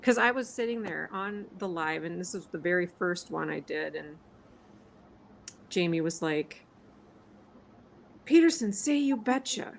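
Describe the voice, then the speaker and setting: Snarky Minnesotan woman, lowish voice. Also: fairly even intonation, normal speed, vocal fry, fairly bright tone, a little hiss or hum, poor audio. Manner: snarky, laughs often. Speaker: livestream co-host. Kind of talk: casual chat.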